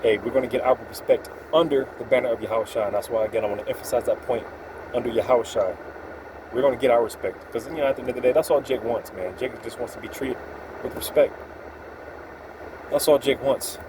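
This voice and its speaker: A man's voice: mid-range voice, fast, noisy background. A man giving an informal, profane, streetwise religious talk, quoting scripture with emphatic asides. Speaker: preacher.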